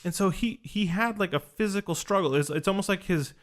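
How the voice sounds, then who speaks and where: A man with a slightly raised voice tells a story in a relaxed podcast chat. He talks with animation and acts out the lines of the people in his story. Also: high voice, fairly quick. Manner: animated, acts out quoted dialogue. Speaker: podcast host recounting an experience.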